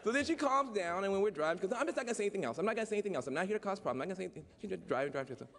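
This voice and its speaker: A man's voice: high voice, lively intonation, racing, fairly bright tone. A man giving a humorous conference speech to an audience, folksy and teasing, then turning earnest and preacher-like. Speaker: keynote speaker, activist. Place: large lecture hall. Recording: long hall reverb, faint room noise.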